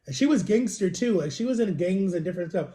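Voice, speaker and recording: A man's voice: sits high, expressive, fast, dark tone. A man rambling through a personal story in a casual vlog, in a confiding way. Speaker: vlogger. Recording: roomy, echoey home recording.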